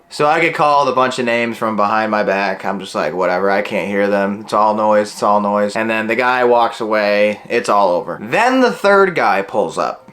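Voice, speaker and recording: A young man in his twenties from Illinois, telling a story in a casual vlog and acting out the dialogue. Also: on the low side. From Illinois, USA. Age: 20s. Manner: animated, acts out the dialogue.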